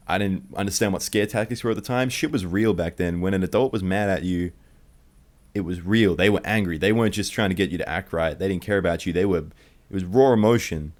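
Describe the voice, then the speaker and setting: Deep-voiced profane storyteller. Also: male voice, a little fast. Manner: profane, rambling and animated. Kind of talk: unedited one-take storytelling.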